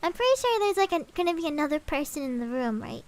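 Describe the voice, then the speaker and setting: A woman's voice: high voice, big pitch swings, quick pace. A woman streamer casually reading a scary story aloud, swapping swear words for milder ones and breaking off for chatty asides.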